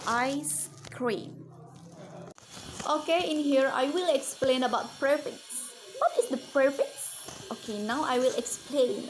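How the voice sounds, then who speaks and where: Slow, careful woman with a higher voice. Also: a little hiss or hum, poor audio. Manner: slow, careful, with many repeated "okay"s. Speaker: student presenter. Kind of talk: reading a lesson on English word stress.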